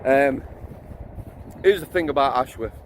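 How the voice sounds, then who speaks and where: A man's voice: mid-range voice, a little slow, a little hiss or hum. A middle-aged man, a former prison officer giving a blunt, ranting vlog while out walking his dog. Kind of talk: outdoor walking vlog rant.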